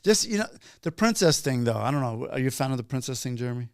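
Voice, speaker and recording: A man's voice: medium pitch, sing-song, fast, a little mellow, smooth, dry recording. Male podcast host, mid-range voice, dry close sound, loose and rambling delivery. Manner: rambling, with frequent restarts and fillers. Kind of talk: casual chat.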